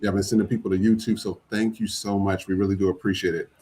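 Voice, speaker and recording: A man's voice: sits low, level tone, fast, mellow. A man hosting a podcast, talking casually and loosely with the audience and swearing now and then. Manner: loose, chatty, casual cursing. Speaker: podcast host.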